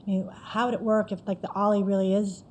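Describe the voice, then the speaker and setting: A woman's voice: medium pitch, little pitch movement, fast, a little mellow. A woman relaying questions at a talk, casual and searching for words as she asks.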